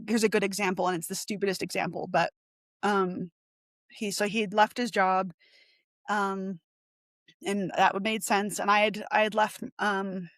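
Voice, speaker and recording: A young woman telling a personal story as a podcast guest, rambling with lots of 'like' and acting out the voices she quotes. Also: no room sound. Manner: rambling, heavy use of 'like', animated retelling; acts out quoted voices with sharp pitch jumps. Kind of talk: candid conversational interview.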